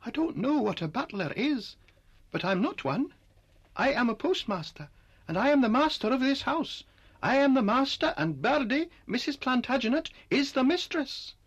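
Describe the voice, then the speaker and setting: A woman voicing an earnest, polite little male doll who is a bit flustered, in an animated series. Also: high voice, moderate pace, slightly rough, highs cut off, full character voice. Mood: indignant.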